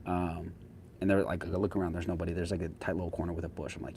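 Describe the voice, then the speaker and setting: Casual young male creator, low voice, slangy and easygoing, a faint background hum. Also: level tone, quick pace, vocal fry. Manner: slangy, laid-back and conversational. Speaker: social media creator. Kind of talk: casual chat with viewers.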